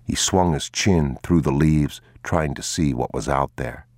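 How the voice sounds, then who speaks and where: A man reading a story aloud in a slow, grave, hushed manner. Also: very deep voice, no room sound. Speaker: narrator. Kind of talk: audiobook narration.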